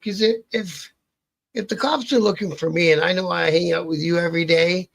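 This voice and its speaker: A Canadian outlaw biker, appearing as an interview guest, talks a little fast in a high-sitting, creaky, slightly bright voice. His casual story rambles, turns profane, and keeps restarting as he interrupts himself.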